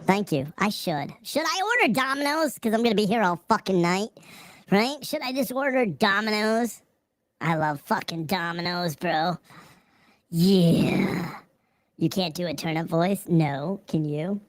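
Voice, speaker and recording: A young woman chats on a livestream, swearing freely and laughing often as she talks to her viewers. Her pitch rises and falls a lot, and the sound is dry and close with no room around it. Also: animated, unhurried, dry recording. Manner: profane, chatty, laughs often. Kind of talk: casual livestream chat.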